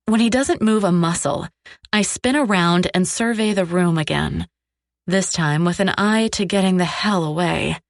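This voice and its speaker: A woman narrating a dark romance audiobook in the first person, low, tense and sardonic. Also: moderate pace, gravelly, no room sound, studio quality.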